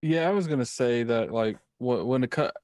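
A man chatting in a relaxed way, stopping and restarting as he tells a story. His voice is mid-pitched and sounds close and dry. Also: no room sound. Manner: laid-back, halting storyteller. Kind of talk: casual chat.

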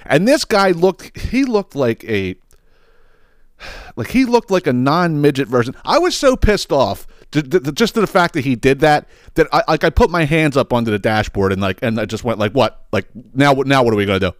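A man hosting a podcast, telling a long, profane, animated rant full of restarts. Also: mid-range voice, moderate pace, no room sound, studio quality. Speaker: podcast host. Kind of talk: ranting storytelling.

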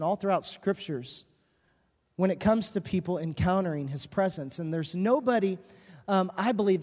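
A woman's voice: on the low side, darkish tone. A woman pastor preaching a sermon in a large church hall, earnest and emphatic, repeating her key phrases. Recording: reverberant hall.

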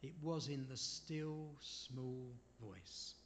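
A man preaching a sermon in an unhurried way, asking his listeners rhetorical questions and making apologetic asides. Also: medium pitch, fairly bright tone, a little hiss or hum. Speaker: preacher leading a Bible study.

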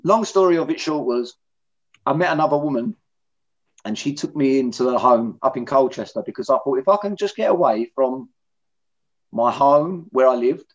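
Middle-aged bloke, blunt and candid, dull lo-fi sound. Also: male voice, mid-range voice, lively intonation, moderate pace. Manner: blunt, candid, plain-spoken. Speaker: interviewee in recovery. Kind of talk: personal testimony in conversation. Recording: dull lo-fi recording.

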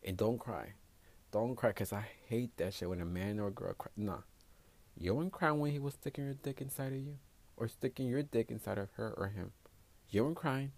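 A podcast host talks through a casual solo monologue in a medium-pitched, fairly quick, slightly mellow voice. He's blunt and foul-mouthed, swearing freely and hopping between English and Spanish.

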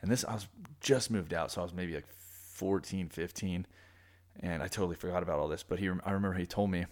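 A man from Orange County, California, hosting a podcast and telling a personal story in casual chat, animated and acting out the people he quotes. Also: deep voice, fairly quick. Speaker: podcast host.

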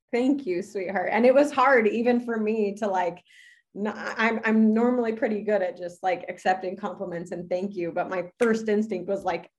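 A woman's voice: mid-range voice, normal speed, a little mellow. A woman coach sharing in a casual, heartfelt way, earnest and gushing, full of "like" fillers. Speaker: fitness coach. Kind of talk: casual heartfelt sharing in a live group session.

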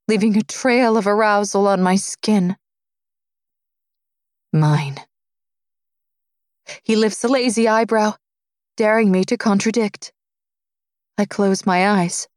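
A woman narrating a romance audiobook in the first person, with a low, intimate reading. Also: dry recording, studio quality. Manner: low, intimate reading, dropping softer for his lines.

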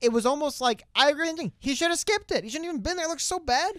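A man's voice: very high voice, expressive, very fast, a bit bright, no room sound, studio quality. A young man co-hosting a casual political talk show, arguing emphatically and slipping into mocking impressions. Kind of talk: casual political debate chat.

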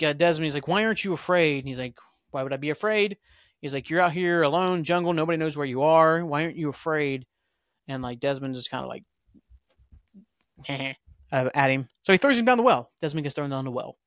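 A podcast host casually recaps a TV episode, rambling, complaining, and loosely paraphrasing scenes. His voice is a little high and a bit bright, with clean studio sound and no room sound.

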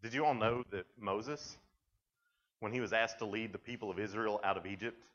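A man preaches to a youth camp, retelling a story in a loose, chatty way, with lots of "like" and quick restarts. His voice sits fairly low. The recording sounds dull and lo-fi. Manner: lively, conversational storytelling with many "like"s. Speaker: camp speaker.

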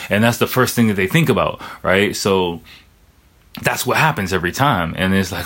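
A man's voice: low voice, a little fast, fairly bright tone. A young man telling stories in a loose, casual monologue, swearing often and filling his talk with "like" and "you know.". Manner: loose, profane, heavy on filler words. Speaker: vlogger.

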